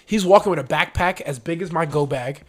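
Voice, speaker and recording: A man in his twenties telling a story in casual chat, animated and slangy, acting out what people said. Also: a little high, a little fast, breathy edge. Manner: animated, slangy, acts out quotes.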